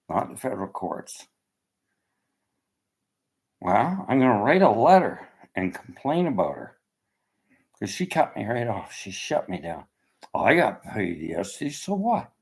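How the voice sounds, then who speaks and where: A man's voice: medium pitch, vocal fry, slightly rough, poor audio. An older man, delivering an agitated, profane personal rant in a blunt way. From Canada.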